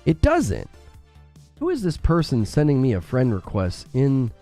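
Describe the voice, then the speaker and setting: A man's voice: medium pitch, huge pitch swings, measured pace, warm tone, faint music behind. A man hosting a casual live game stream, bantering playfully and teasing his chat from a room at home. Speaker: gaming streamer.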